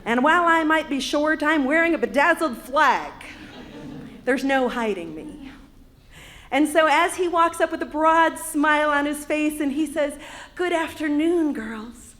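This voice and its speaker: On an arts center stage, a woman in her fifties from Wisconsin tells a personal story with wry humor. She has a Wisconsin accent and a high-pitched, slightly bright voice, speaking at a measured pace.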